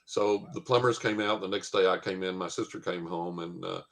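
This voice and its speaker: A man tells a long anecdote in a fairly low voice. He rambles along with many "uh"s and acts out what other people said. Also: steady tone, normal speed, gravelly, fairly bright tone. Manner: rambling anecdote with many fillers and quoted dialogue. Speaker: guest storyteller. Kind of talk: casual storytelling.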